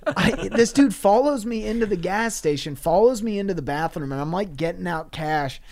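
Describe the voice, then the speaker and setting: A man with a somewhat high voice tells a profane, rambling story in a relaxed podcast chat. He laughs through his own lines and jumps between loud, excited bursts and low, muttered asides. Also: moderate pace, gravelly, a crowd in the background. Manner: profane, laughing anecdotal delivery. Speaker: podcast co-host. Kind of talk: casual comedic storytelling.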